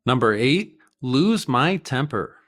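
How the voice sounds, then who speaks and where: An American man teaching English idioms in a clear, deliberate way, with short acted example dialogues. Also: medium pitch, sing-song, fairly bright tone. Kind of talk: vocabulary lesson with acted dialogues.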